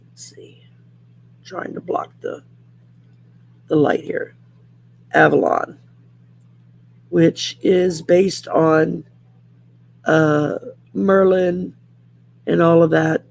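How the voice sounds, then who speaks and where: A woman's voice: fairly low pitch, creaky, a little mellow, slightly rough. A woman with a Southern accent hosting a casual livestream, reading oracle cards in a folksy, rambling way with many fillers. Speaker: host doing oracle card readings. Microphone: home setup by a window.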